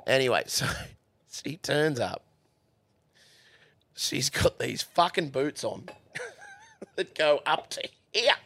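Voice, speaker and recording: Foul-mouthed Australian man, lively storyteller. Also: mid-range voice, slow, creaky, pauses often. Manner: crude, swears constantly, laughs through his stories. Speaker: horse trainer guest. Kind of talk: casual podcast storytelling. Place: studio.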